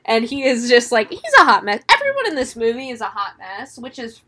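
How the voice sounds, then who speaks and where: A woman recapping a horror film in casual chat, animated, laughing often and swearing freely. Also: fairly high pitch, fairly quick, slightly rough.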